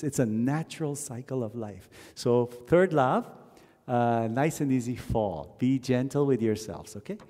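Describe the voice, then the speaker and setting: A man from Canada leading a wedding ceremony, telling stories in a gently reflective way and now and then chanting verses. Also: mid-range voice. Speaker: wedding officiant. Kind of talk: wedding sermon with sung verses. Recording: long hall reverb.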